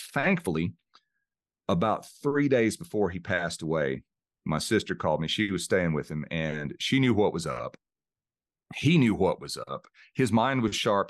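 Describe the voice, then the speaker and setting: Middle-aged male guest with a very low voice, earnest and emotionally open, dry close mic. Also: no echo. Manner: earnest, open about emotion, repeats words while searching. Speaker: podcast guest, mind coach. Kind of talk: reflective interview storytelling.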